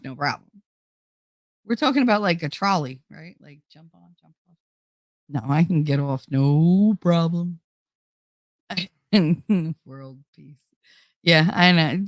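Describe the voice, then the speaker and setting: Lowish-voiced lady host just chatting w her viewers, cusses, laughs a lot, dry close sound. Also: lively intonation, moderate pace, dry recording. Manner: chatty, laughs often, swears freely. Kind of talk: casual chat to viewers.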